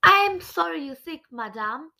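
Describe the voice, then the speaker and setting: A woman reading a storybook aloud, voicing a brisk, quick-tempered heroine. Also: high-pitched, lively intonation, vocal fry, pushed and bright, exaggerated voice. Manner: brisk, exasperated.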